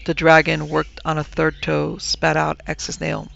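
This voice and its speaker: A man reading a story aloud in a measured, wry way. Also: fairly high pitch, monotone, gravelly, fairly bright tone, dull audio. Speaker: narrator.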